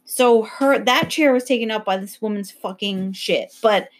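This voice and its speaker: A young woman casually telling a story about her work, animated, acting out other people's voices and swearing freely. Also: medium pitch, normal speed.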